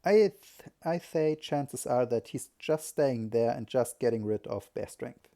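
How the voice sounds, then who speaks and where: A man's voice: mid-range voice, expressive, a little slow, gravelly, mellow. A man giving live solo commentary on a strategy game, thinking aloud and often correcting himself.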